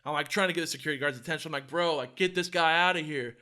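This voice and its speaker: A man's voice: on the high side, rapid-fire. A young man telling a story in casual podcast chat, acting out quotes and swearing a lot, with "like" in nearly every phrase. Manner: animated storyteller, acts out quotes, heavy filler "like", swears a lot. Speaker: podcast co-host.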